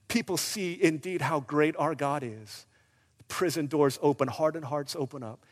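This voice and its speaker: A male pastor preaching a sermon, swinging between loud urgent bursts and hushed, quiet stretches. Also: a little high, moderate pace, in a large hall.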